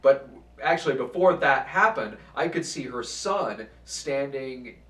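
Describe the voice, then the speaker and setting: Animated man telling stories in an echoey room. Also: mid-range voice, a little slow. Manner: animated, profane, acts out quotes. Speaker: channel host. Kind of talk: casual storytelling. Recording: echoey room, far from mic.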